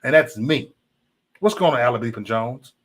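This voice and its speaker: Streamer, male, heated and profane, repeats himself, animated pitch; chatting to his audience. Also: moderate pace. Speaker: livestream host. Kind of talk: casual livestream rant to chat.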